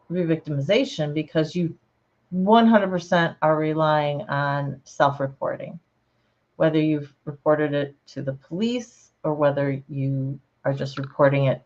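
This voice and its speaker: A woman with a low, unhurried voice talks casually with her viewers, relaxed and chatty and often laughing. The sound is a little dull and lo-fi, as if it came through a home computer mic. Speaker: channel host. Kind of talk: casual livestream chat reading comments.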